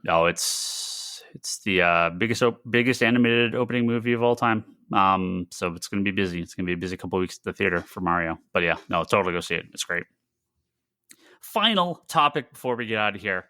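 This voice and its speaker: Podcast co-host, male, low and forceful, rambles excitedly, dry close sound. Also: a little fast, no room sound. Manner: rambling, restarts sentences, excitable. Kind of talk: casual chat.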